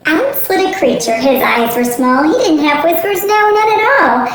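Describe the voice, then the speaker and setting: High-voiced teacher reading a picture book. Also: female voice, lively intonation, normal speed, a little hiss or hum. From northern United States. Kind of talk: children's storybook read-aloud. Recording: roomy echo, faint music.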